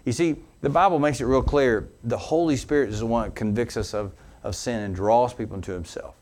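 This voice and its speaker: A man preaching as a pastor. He tells an anecdote with animated energy, then turns low and earnest for the teaching. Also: brisk. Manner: animated storyteller who laughs along with his own anecdote. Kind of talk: sermon storytelling.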